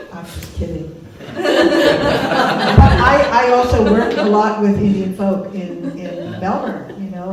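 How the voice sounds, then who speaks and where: An older woman speaking to a small class in a conference room, chatty and quick to laugh. Her voice reaches the mic from across a very echoey room, with a faint hiss underneath. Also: mid-range voice, far from the mic. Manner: warm, laughing, conversational teaching. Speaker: course teacher. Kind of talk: informal talk to a small group.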